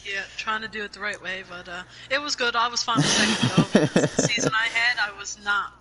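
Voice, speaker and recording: A driver interviewed after a sim race, relaxed and content with second place. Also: mid-range voice, fairly quick, over a noisy crowd, low-quality recording.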